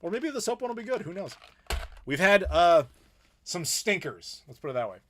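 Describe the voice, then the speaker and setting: A man's voice: high-pitched, very animated, normal speed, a bit bright, a little hiss or hum. Opinionated American man hosting a live chat. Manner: opinionated, playful ranting with laughs. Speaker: YouTube host.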